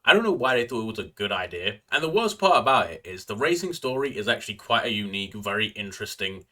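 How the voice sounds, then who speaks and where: A man's voice: fairly low pitch, sing-song, fast, bright, forceful tone. A man giving a casual, opinionated movie review, ranting, with constant fillers and slangy asides. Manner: ranting, filler-heavy, frequent "like" and "bro".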